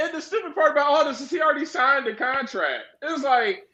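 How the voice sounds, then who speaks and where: A man co-hosting a wrestling podcast, excitable, profane and quick to laugh. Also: very high voice, echoey room, dull audio. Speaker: podcast co-host. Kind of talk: casual wrestling chat.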